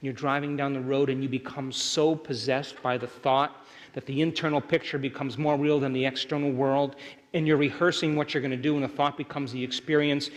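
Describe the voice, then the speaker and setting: A man's voice: mid-range voice, level tone, fairly quick. Man lecturing in a reverberant hall. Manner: keeps checking in with the audience. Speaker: seminar speaker. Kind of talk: motivational seminar lecture. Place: large lecture hall with a live audience.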